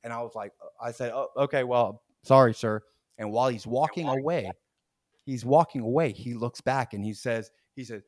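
A man's voice: medium pitch, moderate pace, dry recording, studio quality. A man in his forties, a podcast host, telling a workplace story in casual chat, acting out quotes, laughing as he goes and often restarting his sentences. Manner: animated, acts out quotes, laughs mid-story, frequent restarts.

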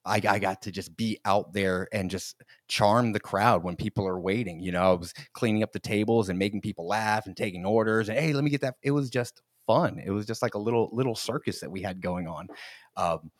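A man's voice: fairly low pitch, a little fast, dry recording, studio quality. A man in his forties hosting a podcast, telling funny stories in a casual chat, laughing often and acting out the quotes. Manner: animated storyteller, laughs often, acts out quotes. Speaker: podcast host.

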